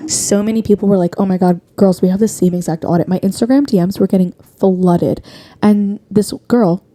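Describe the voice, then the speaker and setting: A woman's voice: medium pitch, fairly even intonation, brisk, mellow. A woman co-hosting a casual podcast, talking bluntly and rambling, with a slight lisp from being tongue-tied. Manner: blunt, rambling, self-interrupting. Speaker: podcast co-host. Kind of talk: casual chat.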